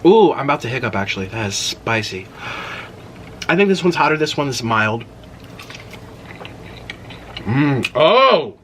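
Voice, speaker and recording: A young man hosting a casual eating vlog, talking freely and letting out loud exclamations as he tries spicy food. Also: mid-range voice, lively intonation, measured pace, long pauses, a little hiss or hum. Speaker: mukbang host.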